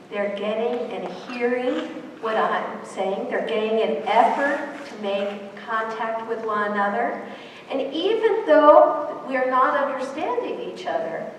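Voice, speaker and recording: A woman's voice: fairly high pitch, slight background noise. Middle-aged woman, keynote speaker, engaging and questioning; distant mic in a big reverberant hall. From New York. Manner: engaging, asks the audience rhetorical questions. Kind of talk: conference keynote speech. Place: large conference hall. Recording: echoey hall recorded from far off.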